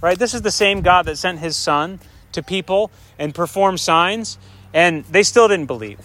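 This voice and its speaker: A man preaching a sermon, retelling scripture conversationally, swinging between raised passages and hushed, soft asides and checking in with his listeners. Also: high voice, moderate pace.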